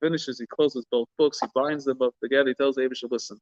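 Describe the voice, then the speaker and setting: A man's voice: mid-range voice, fast, few pauses, no room sound. A man gives an informal Torah talk as a rabbi, earnest and searching for words, often restarting mid-thought and slipping in Hebrew and Yiddish terms. The recording is dull and lo-fi. The sound is dry, with no room around it. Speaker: rabbi teaching a class.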